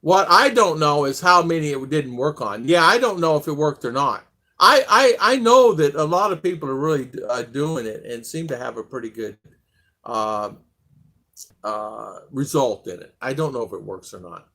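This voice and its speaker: An older American man hosting a casual live stream, rambling as he reads viewer comments aloud. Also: normal speed. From United States. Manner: rambling, reads chat aloud, lively pitch swings.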